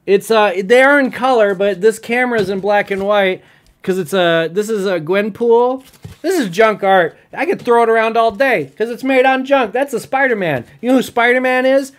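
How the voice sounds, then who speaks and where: A man's voice: extremely high pitch, fairly bright tone. A stoned man vlogging live, reacting to a video in an irritated, rambling, profane rant.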